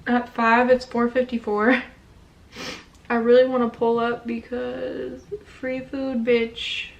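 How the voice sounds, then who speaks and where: A woman's voice: a little high, monotone, takes it slowly, vocal fry, far from the mic, muffled recording. A young woman, pregnant, talking casually through a makeup tutorial and a rant, blunt and profane. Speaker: beauty vlogger.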